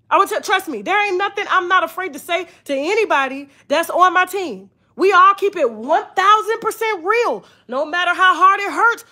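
Woman host, high voice, bright tone, profane heated gossip commentary. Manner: profane, emphatic, repeats for emphasis.

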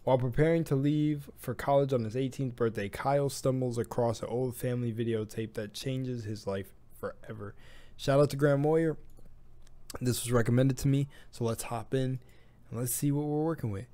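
A man hosting a reaction video in casual chat, laughing at himself and mumbling while reading, with soft music behind. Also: medium pitch, normal speed.

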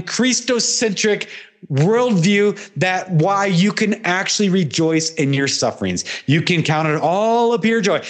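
High-voiced pastor guy preaching hard, fervent, piles up repeated phrases, drops low then surges again. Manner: fervent, repetitive litanies, swings from loud peaks to low murmurs. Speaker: pastor hosting a guest. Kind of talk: passionate preaching in conversation.

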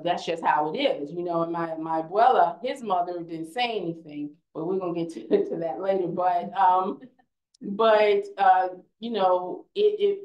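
A woman's voice: fairly low pitch, darkish tone, echoey room, highs cut off. A young woman speaking on a conference panel, earnest and conversational, often restarting her sentences.

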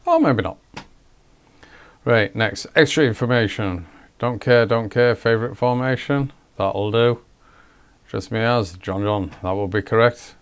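Brief: man, gaming video host, talks to himself, muttering and self-mocking, mid-pitched voice. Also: measured pace, smooth. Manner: rambling, self-mocking, talks to himself while clicking menus. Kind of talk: casual gameplay commentary.

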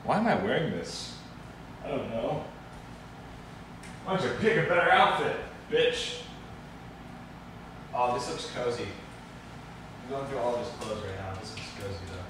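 A man's voice: mid-range voice, moderate pace, long pauses, echoey room, distant mic, background noise. A young man chatting and joking goofily on a casual live stream from his house. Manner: goofy, joking, excitable.

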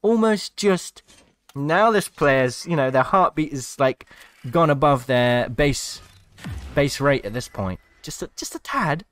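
A man's voice: fairly high pitch, expressive, takes it slowly, a bit bright. A man giving casual commentary over gameplay, cheering at the screen and mocking the players he watches. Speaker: gaming commentator.

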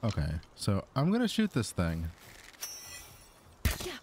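A man's voice: on the low side, wildly swooping pitch, measured pace, a little mellow, a little hiss or hum. A man narrating his own gameplay as a gaming YouTuber, exasperated, talking to his creature companion. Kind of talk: Let's Play commentary.

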